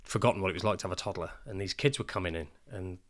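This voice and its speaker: A man co-hosting a podcast, telling parenting stories in a lively way and acting out the voices of the people he quotes. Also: low voice, rapid-fire. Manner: animated storyteller, acts out quoted voices. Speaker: podcast co-host. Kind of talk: casual podcast chat.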